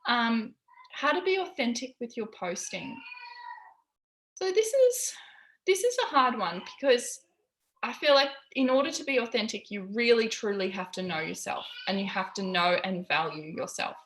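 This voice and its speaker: A woman's voice: fairly high pitch, lively intonation, normal speed, a bit bright. A woman coaching her team on a live call from a busy home, candid and encouraging, swearing freely. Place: busy home with kids in background. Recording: roomy echo.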